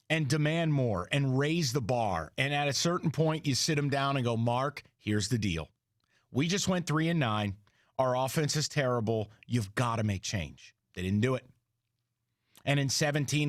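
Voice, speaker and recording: A man's voice: on the high side, no echo, clean studio sound. Heated, blunt male sports radio host. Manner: blunt, heated, profane ranting. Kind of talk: sports talk rant.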